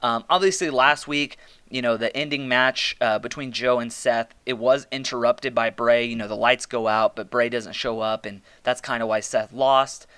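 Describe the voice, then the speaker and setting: A man hosts a casual review podcast and talks through it in blunt, exasperated rants with plenty of swearing. His voice is bright and crisp, and it sits close and dry with no room echo. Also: medium pitch, steady tone, normal speed. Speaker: podcast host reviewing wrestling.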